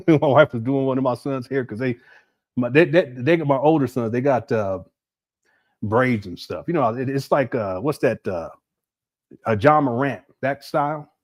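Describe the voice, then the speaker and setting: A man's voice: medium pitch, moderate pace, no room sound, clean studio sound. A man hosting a casual livestream, laughing often and reading out viewer messages. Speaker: livestream host.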